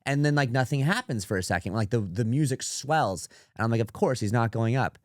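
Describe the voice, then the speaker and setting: A man co-hosting a casual sports podcast, telling stories in an animated, frustrated way. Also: medium pitch, brisk, no room sound, studio quality. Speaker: podcast co-host.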